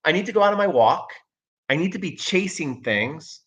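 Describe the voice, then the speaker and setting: A man's voice: high voice, expressive, normal speed, fairly bright tone, pitched above the performer's own voice. A man putting on an impatient pet dog. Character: restless impatient pet dog wanting a walk.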